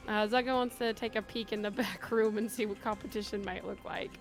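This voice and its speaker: A woman's voice: mid-range voice, fairly even intonation, brisk, faint music behind. A woman playing a tabletop game, giggling as she describes her character in third person. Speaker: player. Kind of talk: tabletop role-play.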